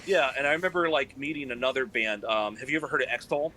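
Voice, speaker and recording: A man from South Carolina, a guest telling animated stories in a casual interview and acting out quoted voices. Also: medium pitch, fast, a little hiss or hum, rough recording. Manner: animated, acts out quoted voices, many fillers. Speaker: guest, band frontman.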